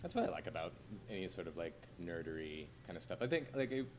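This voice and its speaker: A man's voice: low-pitched, big pitch swings, fast talker, noisy background. A man from Canada co-hosting a podcast, talking in a rambling, hesitant casual way. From Calgary, Canada. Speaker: podcast co-host.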